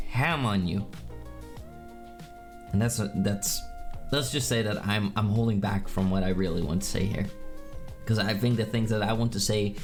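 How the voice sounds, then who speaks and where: A man streaming live with a slightly worn, gravelly voice, reading chat messages and joking with playful mock-menacing teasing. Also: low voice, a little mellow.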